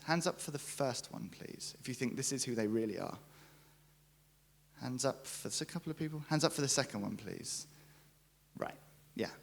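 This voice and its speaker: A young man giving a conference talk, jokey and lively, acting out quotes as he tells stories. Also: medium pitch. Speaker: conference speaker, brand writer. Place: conference stage.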